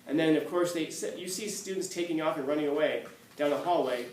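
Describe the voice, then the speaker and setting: A man's voice: on the high side, brisk. Guy teacher telling a story to his class, acts out the voices, bit of room hiss. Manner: animated storytelling, acts out quotes, laughs often. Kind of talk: classroom lecture with anecdotes. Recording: echoey classroom from a distance.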